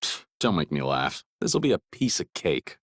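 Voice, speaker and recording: Stoic game ex-yakuza, super deep voice, plain steady talk, dry booth sound. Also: male voice, normal speed, no room sound, heavily acted. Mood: encouraging. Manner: plainspoken, steady, low-key. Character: stoic middle-aged male ex-yakuza, gruff and kind. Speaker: voice actor. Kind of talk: video game dialogue.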